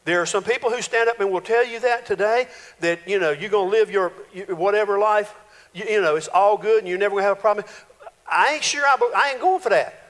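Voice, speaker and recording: A male pastor, preaching a folksy, animated sermon full of playful voiced quotes in a church sanctuary. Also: high voice, fast. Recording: reverberant church hall.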